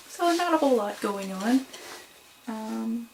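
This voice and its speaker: A young woman with a slightly high voice talks casually to her camera at home about yarn and crochet. She is chatty and a little apologetic, filling pauses with "um" and "so". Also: lively intonation, creaky, slight background noise, rough recording. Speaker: crochet vlogger. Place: home room.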